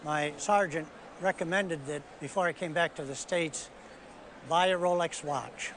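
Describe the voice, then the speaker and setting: An older man in a TV appraisal interview, telling his story in a plain, unhurried way. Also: fairly high pitch, fairly bright tone, slight background noise. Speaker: guest at an appraisal.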